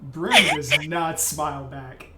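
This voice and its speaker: A man playing a character in a tabletop game, animated and sometimes shouting his character's lines. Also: a little high, slow pace, roomy sound, heavy background noise. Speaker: player.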